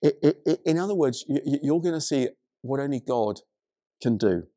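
A male pastor preaching a sermon, retelling a story in an animated way, with many stammered restarts. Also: medium pitch, moderate pace, no room sound, clean studio sound.

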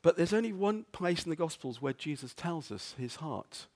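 A man preaching a sermon as a pastor, earnest, often repeating words and dropping soft on quotes. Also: a little high, expressive, moderate pace. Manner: earnest, stumbles and repeats words, drops to near-whisper on quotes.

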